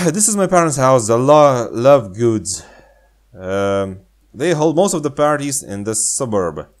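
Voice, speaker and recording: A man's voice: medium pitch, very animated, unhurried. A man voicing a friendly young girl neighbor in a game, reading her lines in a raised, girlish voice. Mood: guide-like. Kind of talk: reading game dialogue aloud.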